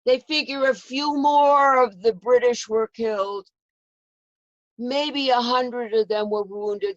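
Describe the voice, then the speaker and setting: Slow, gravelly woman telling a dramatic history. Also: medium pitch, no room sound. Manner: dramatic, emotional storytelling. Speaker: historical portrayer. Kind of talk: first-person historical storytelling. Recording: dull lo-fi recording.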